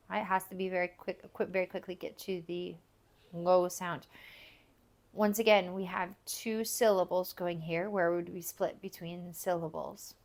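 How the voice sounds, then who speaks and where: A woman giving a recorded phonics lesson, patiently explaining step by step and repeating example words for learners. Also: fairly low pitch. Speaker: language teacher.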